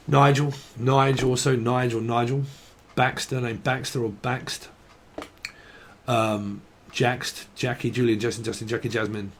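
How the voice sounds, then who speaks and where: A man's voice: mid-range voice, level tone, unhurried, slight background noise. A man from northern England, giving a casual tarot reading, rambling and free-associating on words with lots of swearing and laughter. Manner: laughs often. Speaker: tarot reader.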